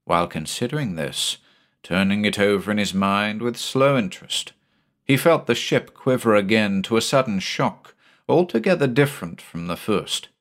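A man reading a horror story aloud as audiobook narration, in a measured, even storytelling manner. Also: fairly low pitch.

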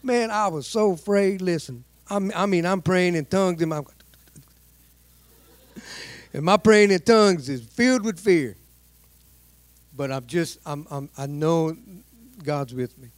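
A man preaching with animated storytelling, acting out the people in his tale. His voice sits higher than most men's. The sound is dry and close, with no room around it. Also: normal speed, dry recording. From United States. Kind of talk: sermon storytelling.

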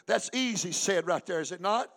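High-voiced preaching man, shouting. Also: animated, normal speed. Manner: preaching with rising shouts and sing-song cadence; calls for congregation responses. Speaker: pastor. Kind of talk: sermon. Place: church.

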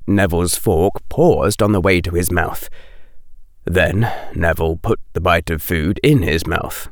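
A man reading a novel aloud as scripted narration, measured and expressive. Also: deep voice, dry recording, clean studio sound. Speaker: audiobook reader.

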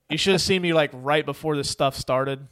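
A man's voice: fairly high pitch, a bit bright. Man, casual movie chat, rambling, lots of ums and likes, laughs often. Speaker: podcast co-host.

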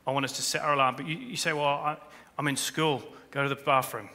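A man preaching a sermon as pastor, animated, jumping between quiet asides and shouted appeals, with humorous asides. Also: a little high, fast, slight background noise. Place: large church hall. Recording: long reverb of a church hall.

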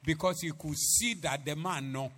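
A man preaching a sermon, swinging from hushed asides to loud, chanted, repeated declarations. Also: a little high, moderate pace, slight background noise.

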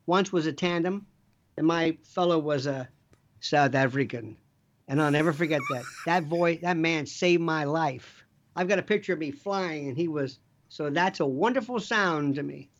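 A man's voice: a little high, moderate pace, dull audio. A middle-aged man, a former prosecutor, talking as a guest in a rambling, emphatic, jokey way that keeps drifting into side stories. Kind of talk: animated conversational storytelling.

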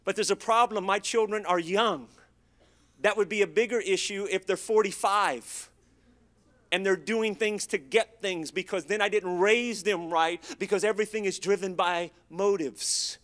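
A middle-aged man preaching with a notably high voice. His delivery is folksy and conversational, full of homely stories and call-and-response lines for the congregation. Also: fairly bright tone. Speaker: pastor. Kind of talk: sermon.

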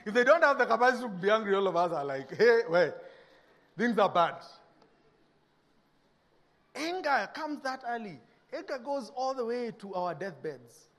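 A Kenyan man preaching a sermon, who acts out little dialogues and swings between loud bursts and hushed lines. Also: very high voice, big pitch swings, brisk, few pauses. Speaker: pastor.

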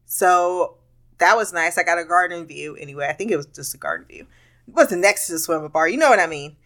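A woman's voice: fairly low pitch, brisk, fairly bright tone. A woman hosting a podcast, telling a rambling, candid story in a casual monologue with frequent laughter and swearing. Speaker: podcast host.

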